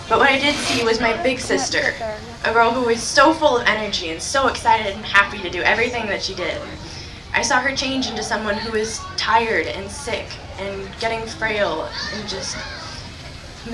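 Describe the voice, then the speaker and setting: Squeaky-voiced young woman speaking to a crowd. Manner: enthusiastic, heartfelt. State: sick, squeaky voice. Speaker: charity speaker. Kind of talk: speech to a crowd. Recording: echoey and distant in a noisy crowd. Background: crowd noise.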